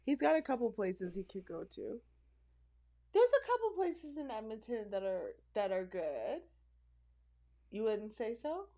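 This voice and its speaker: A woman co-host chatting loosely on a podcast, her voice sitting a little high. She tells stories with animation and breaks into laughter easily. The sound is dry and close. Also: unhurried, pauses often, no room sound. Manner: playful, laughs often, animated storytelling. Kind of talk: casual chat.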